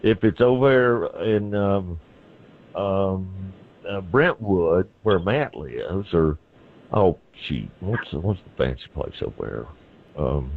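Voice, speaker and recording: A man's voice: low-pitched, lively intonation, slow pace. A middle-aged man with a Southern accent, a lawyer giving plain-spoken, folksy legal advice by phone on a call-in radio show. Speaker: constitutional lawyer, legal guest. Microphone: phone line into studio. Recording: tinny phone line.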